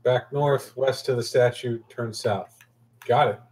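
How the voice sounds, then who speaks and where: A man's voice: medium pitch, fairly even intonation, a little slow, a little mellow. Joking male tabletop player. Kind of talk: casual tabletop role-play.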